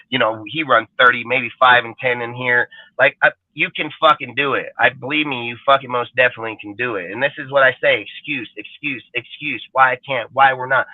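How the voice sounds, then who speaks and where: A man with a medium-pitched voice hosts a fan show, delivering a livestream rant that's heated, profane and emphatic. The audio is dry and phone-like, with no echo.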